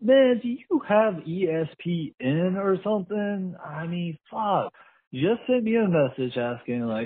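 A man's voice: sits high, sing-song, moderate pace. A man leaving a casual voicemail, swearing and mocking, over a phone line. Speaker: voicemail caller.

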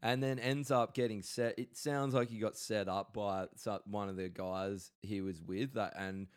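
A man's voice: lowish voice, fairly even intonation, unhurried, smooth. A man co-hosting a podcast, telling a long rambling story to his mates with lots of swearing and restarts. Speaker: podcast co-host. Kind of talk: casual chat with mates.

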